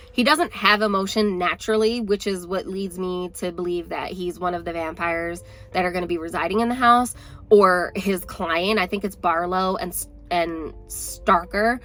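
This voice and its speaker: A woman's voice: medium pitch, a bit bright. A young woman vlogging about a book she is reading, talking in a chatty, rambling way full of "like" fillers. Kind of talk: casual chat.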